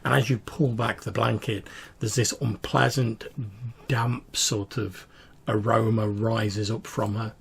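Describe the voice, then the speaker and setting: A man's voice: lowish voice, flat delivery, a little slow, vocal fry, slightly rough. A man narrating a tabletop game as game master, describing scenes with frequent fillers. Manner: descriptive, with many fillers and restarts.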